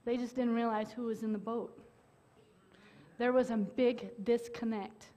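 A woman with a high voice preaching a sermon. She talks earnestly and holds dramatic pauses, then breaks into sudden loud bursts. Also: level tone.

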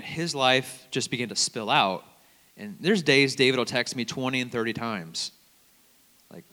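A man preaching a conversational sermon as a campus minister, telling stories in an animated way and quoting other people's words. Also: mid-range voice. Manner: conversational, animated storytelling with quoted voices. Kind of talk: sermon with storytelling. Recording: long hall reverb.

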